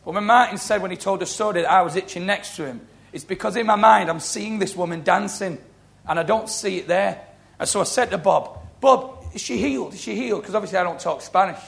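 Man, sermon, storytelling, gravelly, slightly high voice. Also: fairly quick. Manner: storytelling, animated, acting out quoted voices. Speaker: preacher. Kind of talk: sermon with testimony.

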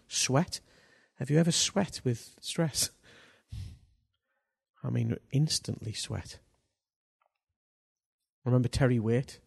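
A man preaching a sermon, swinging between hushed lines and loud, drawn-out bursts for emphasis. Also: medium pitch, vocal fry.

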